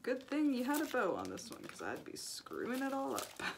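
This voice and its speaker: A young woman chatting casually as she opens fan mail, gushing and excited, with lots of "like"s and happy exclamations. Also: sits high, moderate pace, vocal fry, noisy background. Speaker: YouTuber opening fan mail. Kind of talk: casual chat. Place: indoor studio. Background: paper crinkling and clicks.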